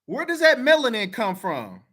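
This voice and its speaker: A man's voice: very high-pitched, wildly swooping pitch, normal speed, sharp tone. A man talking straight to camera, blunt, profane and heated, repeating himself to press his point. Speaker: video commenter. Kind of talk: casual talk to camera.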